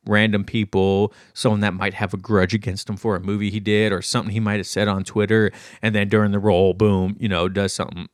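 A man's voice: on the low side, no room sound. A man hosting his podcast alone, answering listener questions in a chatty, rambling way and laughing easily, close to the mic in a small studio. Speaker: podcast host. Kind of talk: casual solo Q&A chat. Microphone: close podcast microphone.

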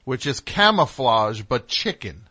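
A male radio host riffs in sarcastic, incredulous banter with a caller, often sliding into deadpan absurd bits. His voice sits at a middle pitch. The studio mic sounds close and dry. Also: unhurried, no room sound. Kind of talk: comedic call-in radio banter.

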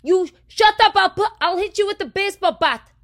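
A woman putting on a furious shouting male neighbor who yells threats. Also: very high voice, brisk, voice pushed up. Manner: yelling, threatening.

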